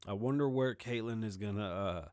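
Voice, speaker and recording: A middle-aged man hosting his own show, talking loose and sarcastic, with plenty of swearing and the dry mouth of someone who says he is high. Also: normal speed, darkish tone, clear, resonant tone, no room sound. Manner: loose, rambling, profane and sarcastic. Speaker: show host. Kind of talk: casual political commentary.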